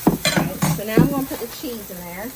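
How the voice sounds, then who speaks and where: This cooking vlog host speaks a little high and fast, with an expressive, self-mocking, chatty manner as she talks viewers through a casual demo. She's at home in her kitchen, where a frying pan sizzles loudly and makes the recording very noisy.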